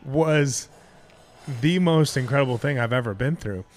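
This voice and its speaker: A man's voice: mid-range voice, normal speed. Candid, swearing man telling a story. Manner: candid and profane, many restarts. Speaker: guest. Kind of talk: casual storytelling.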